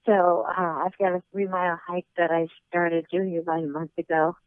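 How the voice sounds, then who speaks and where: Chatty lady on a phone line, lowish voice, sounds kinda thin and boxy. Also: level tone, normal speed, no room sound. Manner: chatty and laughing. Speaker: guest. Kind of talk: casual phone interview.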